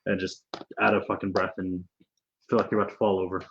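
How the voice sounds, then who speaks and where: A man's voice: low-pitched, flat delivery, quick pace, vocal fry, fairly bright tone, highs cut off, a little hiss or hum. A man running a tabletop game as game master, narrating loosely with swearing and restarts.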